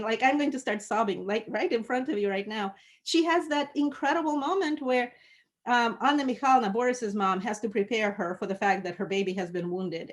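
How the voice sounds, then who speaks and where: A woman leading an online book discussion, talking with lively enthusiasm, laughing often and filling pauses with "like" and "um". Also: fairly high pitch. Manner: lively and animated, laughing often, many fillers. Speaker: discussion leader.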